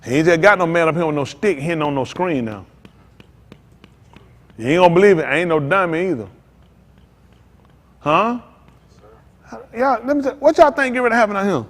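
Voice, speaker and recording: Fervent preacher man with a high voice. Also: lively intonation, brisk, pauses often, in a large hall. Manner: fervent, repetitive preaching in casual vernacular. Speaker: pastor. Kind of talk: sermon.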